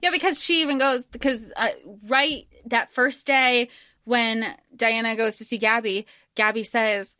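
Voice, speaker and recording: A woman's voice: on the high side, lively intonation, moderate pace, sharp tone, no echo, clean studio sound. A woman co-hosting a book podcast, talking animatedly and acting out characters' lines. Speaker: podcast co-host. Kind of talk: casual book discussion.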